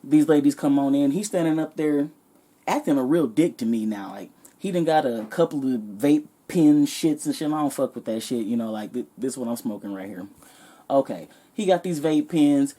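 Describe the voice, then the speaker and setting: Woman telling a storytime vlog, sassy and cussing a lot, animated. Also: a bass voice, moderate pace, husky. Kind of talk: casual comedic storytime.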